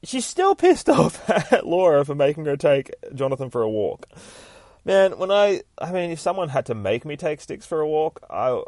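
A man's voice: on the high side, sing-song, normal speed, darkish tone, dry recording, studio quality. A man casually recapping a comic on a podcast, sweary and laughing as he talks. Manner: sweary, laughs while talking. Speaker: comic book podcast host.

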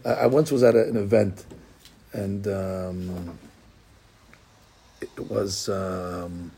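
A man's voice: low voice, fairly even intonation, takes it slowly, vocal fry, dark tone, slightly rough. A middle-aged man, a rabbi, gives an informal Torah class, talking conversationally with digressions and many restarts.

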